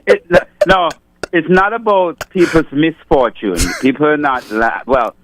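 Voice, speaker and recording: A man's voice: on the high side, sing-song, measured pace, a bit bright, a little hiss or hum, rough recording. A man talking on a call-in radio show, laughing a lot and then making a reasoned point. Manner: amused, laughs often, then earnest and reasoning.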